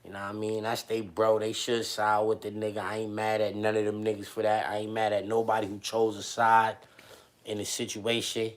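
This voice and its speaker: A man hosting a livestream, chatting casually with viewers in loose, animated slang. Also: on the low side, brisk. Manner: slangy and animated, often addresses chat. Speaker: livestream host.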